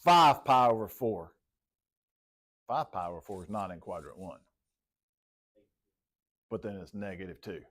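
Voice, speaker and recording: During a classroom lecture, a math teacher works problems on the board and quizzes students by name as he talks. His fairly low voice is animated and fairly bright, unhurried, with long pauses.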